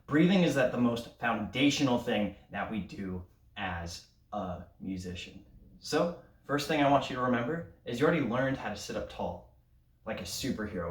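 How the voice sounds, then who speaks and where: A man teaching an elementary band lesson, leading breathing drills and counting aloud in an upbeat coaching way. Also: lowish voice. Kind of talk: recorded online music lesson. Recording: roomy sound from a distance.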